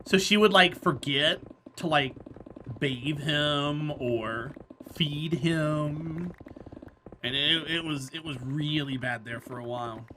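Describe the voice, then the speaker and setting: A man's voice: a little high, slow pace, sharp tone, a little hiss or hum. A man streaming a game, chatting casually with viewers and telling rambling stories, laughing often. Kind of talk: casual chat with viewers while gaming.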